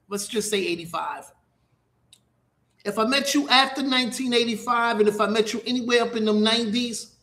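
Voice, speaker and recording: High-voiced man rambling slowly, echoey room. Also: sharp tone. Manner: rambling, profane, repeats himself. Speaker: radio show host. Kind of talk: casual rambling monologue.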